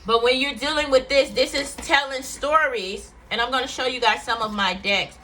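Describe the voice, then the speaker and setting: A woman speaks straight to her viewers with a bright, forceful tone, recounting something personal. She talks candidly and emotionally, circling back with fillers as she goes. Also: sits high, moderate pace, a little hiss or hum. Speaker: vlogger. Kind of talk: personal storytelling to camera.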